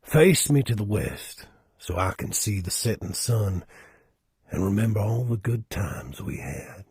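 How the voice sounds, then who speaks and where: Old Southern gentleman, put on by a man, deep-voiced, slow and wistful. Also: big pitch swings, creaky, breathy edge, dry recording, clean studio sound, full character voice.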